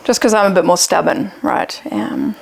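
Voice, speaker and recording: A woman's voice: on the low side, sing-song, moderate pace, vocal fry, breathy edge. A woman with a Zimbabwean accent, a podcast guest speaking candidly and reflectively in casual chat.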